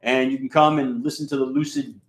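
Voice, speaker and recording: Steady in tone and quick in pace, a mid-range male voice with a scratchy, rustic quality and a combined Queens and Bronx accent. The radio and video host rambles casually and profanely, restarting and filling gaps often, while echo from the room hangs around him.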